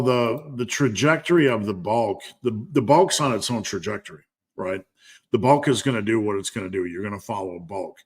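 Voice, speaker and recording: A man hosting a live stream Q&A as a strength coach, talking candidly and bluntly with lots of fillers. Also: fairly low pitch.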